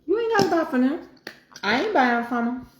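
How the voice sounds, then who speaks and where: A middle-aged woman chats casually over her plate, drifting into preachy little asides. Her voice sits a bit high. The echoey room comes through around her. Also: big pitch swings, fairly quick, slight background noise. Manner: folksy Southern talk, preachy asides. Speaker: home cooking vlogger. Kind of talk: casual chat while eating.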